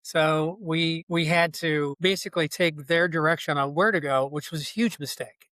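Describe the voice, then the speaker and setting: A man's voice: fairly high pitch, fairly even intonation, moderate pace, sharp tone, no echo. An older man, a podcast guest, telling long casual anecdotes full of asides. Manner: rambling, folksy anecdotes with many asides. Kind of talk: casual storytelling.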